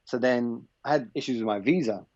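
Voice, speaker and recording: A man in his thirties with an English accent, a podcast guest telling a story in a relaxed, rambling way and acting out the dialogue. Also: mid-range voice, brisk, no echo, highs cut off. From England. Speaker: podcast guest, former basketball player. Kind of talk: casual anecdotal storytelling.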